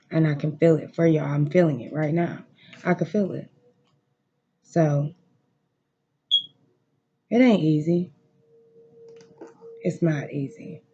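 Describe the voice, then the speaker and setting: In a muffled recording, a home-based tarot reader talks straight to the audience during a card reading. Their medium-pitched, gravelly, dark voice stays steady and unhurried, broken by long pauses, yet the manner is emphatic and emotionally charged, with encouraging lines said over and over and frequent profanity.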